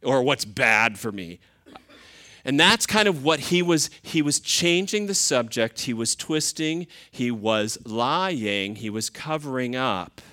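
A man's voice: mid-range voice, lively intonation, takes it slowly, pushed and bright. A man preaching a sermon, talking to his listeners in a conversational way. He keeps asking them questions as he goes. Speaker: pastor.

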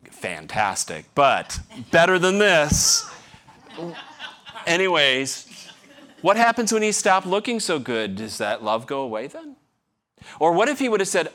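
A man's voice: fairly high pitch, expressive, a little slow, sharp tone. Man preaching a conversational sermon. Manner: conversational, self-deprecating humor, rhetorical questions. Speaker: pastor.

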